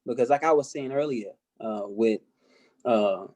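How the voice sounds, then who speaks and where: A man's voice: medium pitch, a little slow, a little mellow. A man appearing as a podcast guest, speaking hesitantly with many fillers. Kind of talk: casual podcast discussion.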